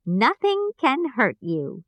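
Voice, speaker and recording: A woman voicing a kind little old female good witch, speaking gently and reassuringly. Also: sits high, huge pitch swings, slow pace, no room sound, pitched above the performer's own voice, exaggerated voice. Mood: kindly.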